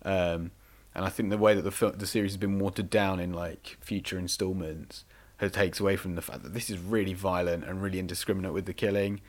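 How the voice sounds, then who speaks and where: A man's voice: sits low, little pitch movement, a little fast, hardly any pauses. A man co-hosting a podcast, talking about movies in a casual, rambling way with many fillers. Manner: rambling, filler-heavy, enthusiastic. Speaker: podcast co-host. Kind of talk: casual film discussion.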